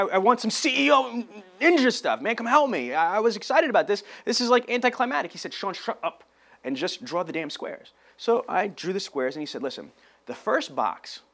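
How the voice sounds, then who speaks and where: A man giving a motivational business talk, loud and emphatic, acting out dialogue as he tells a story. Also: fairly high pitch. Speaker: sales trainer.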